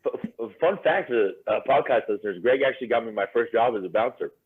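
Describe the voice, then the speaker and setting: A man guesting on a podcast, telling animated stories with lots of fillers and laughter. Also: medium pitch, fast, husky. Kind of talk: casual storytelling. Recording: tinny phone-like line.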